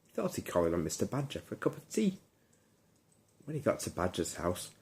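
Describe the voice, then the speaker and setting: A man reading a bedtime story aloud in a calm, soothing storytelling manner. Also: low voice. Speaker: narrator.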